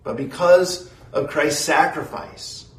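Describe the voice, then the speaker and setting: A man preaching a sermon in a slow, measured way, repeating phrases and pausing often. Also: fairly high pitch, steady tone, echoey room, far from the mic, poor audio. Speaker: pastor.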